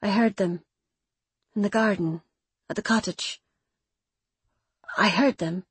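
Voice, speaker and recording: A woman's voice: medium pitch, slow, slightly rough, no room sound. A woman voicing a remorseful young mother who talks earnestly and insistently in an audiobook. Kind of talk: audiobook character voice.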